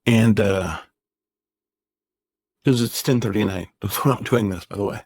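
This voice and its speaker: A man's voice: lowish voice, normal speed, a little mellow, no room sound. A man in his thirties, a gaming YouTuber, ranting in a casual vlog, rambling, exasperated and sarcastic.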